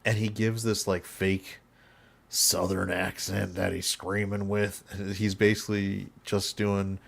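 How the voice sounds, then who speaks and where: A man's voice: sits low, little pitch movement, takes it slowly, vocal fry, a bit bright. A man hosting a podcast in casual chat, blunt and opinionated, often laughing. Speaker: podcast host.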